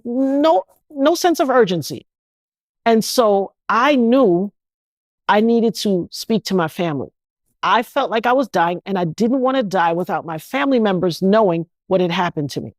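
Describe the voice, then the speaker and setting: A woman's voice: fairly high pitch, lively intonation, normal speed, dry recording, clean studio sound. A woman, telling her personal story as an interview guest, speaking emphatically with many restarts.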